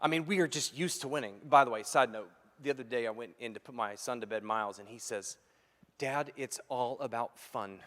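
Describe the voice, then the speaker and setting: A man in his thirties, a pastor preaching a sermon, telling a funny story in an animated, jokey way. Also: medium pitch, fast talker. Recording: long hall reverb.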